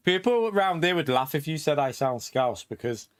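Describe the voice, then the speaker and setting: A man's voice: fairly high pitch, animated, moderate pace, dry recording, studio quality. A middle-aged man from England chatting casually on a live stream through a headset, laughing often between remarks. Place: home.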